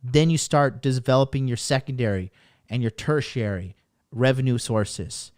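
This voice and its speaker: A man's voice: mid-range voice, moderate pace, a little mellow, no room sound, studio quality. A man hosting a podcast, giving a profane, emphatic motivational rant that hammers the same points over and over. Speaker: podcast host and dating coach.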